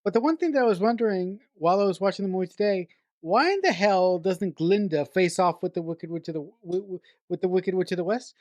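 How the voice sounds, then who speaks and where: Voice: medium pitch, brisk, a little mellow, no room sound, highs cut off. A podcast co-host discussing a film in casual chat, thoughtful, often restarting sentences and laughing now and then. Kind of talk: casual movie-review chat.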